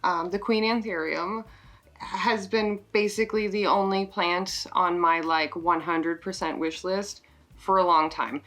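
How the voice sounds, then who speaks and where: Excited woman gushing over plant gifts. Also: lowish voice, unhurried. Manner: stumbles over plant names; profanity-laced exclamations. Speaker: plant YouTuber. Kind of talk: unboxing vlog chat.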